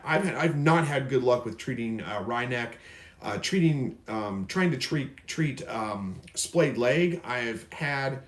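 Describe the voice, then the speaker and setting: A man from Missouri hosting a casual live stream, reading viewer questions aloud and answering in a rambling, folksy way. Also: medium pitch. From Missouri, USA. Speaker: livestream host. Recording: roomy echo.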